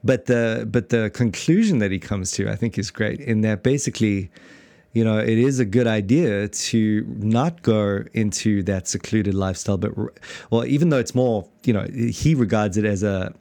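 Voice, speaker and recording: A man's voice: fairly low pitch, moderate pace, mellow, no echo. A man with a South African accent co-hosting a casual podcast chat about church history, rambling with many restarts and frequent laughter. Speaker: podcast co-host.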